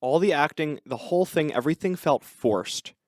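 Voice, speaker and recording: A man's voice: fairly high pitch, expressive, normal speed, no room sound, clean studio sound. A man co-hosting a podcast in casual chat, sarcastic and mocking characters by putting on voices. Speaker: podcast co-host.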